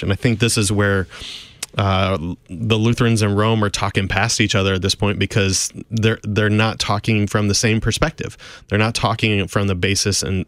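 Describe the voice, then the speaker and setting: Lower-pitched pastor, reflective and hesitant, dry close recording. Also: male voice, a bit bright, dry recording. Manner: hesitant, many fillers, reflective. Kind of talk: theological discussion.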